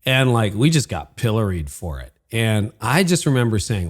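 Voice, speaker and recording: A man's voice: lowish voice, big pitch swings, fairly quick. A middle-aged man hosting an interview podcast, affirming his guest with enthusiasm and acting out his own inner voice as he tells anecdotes. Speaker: podcast host. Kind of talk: conversational interview.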